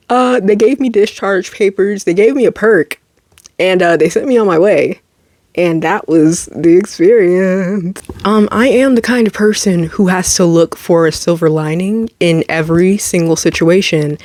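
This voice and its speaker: Young woman spilling a wild story to camera, super animated, dry close sound. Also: medium pitch, no room sound. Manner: animated, dramatic, quick asides and laughter. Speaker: vlogger.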